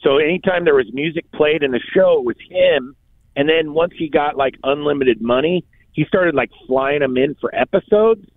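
A man's voice: on the high side, expressive, moderate pace, gravelly, no echo. A man co-hosting a radio show in casual chat, telling stories in laid-back slang. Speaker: radio co-host. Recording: tinny phone line.

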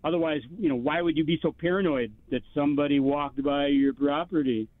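On a radio call-in show, a man tells a long, casual story, rambling along with plenty of fillers and restarts. His voice is a little high, fairly quick and fairly even in intonation. The tinny phone line sounds dry, with no echo.

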